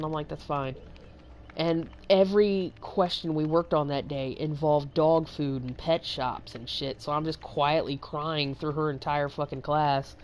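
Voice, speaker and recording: A woman's voice: low-pitched, a little mellow, a little hiss or hum. Rambling, foul-mouthed young woman telling stories. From Texas. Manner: rambling, swears freely, many fillers. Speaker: livestream host. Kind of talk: casual storytelling chat.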